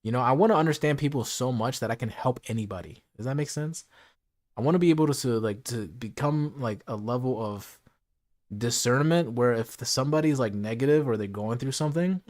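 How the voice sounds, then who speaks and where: A man's voice: mid-range voice, fairly quick, a little mellow. Male streamer, casual late-night chat, earnest and thoughtful, mid-range voice. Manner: earnest, reflective, lots of "like" and "you know".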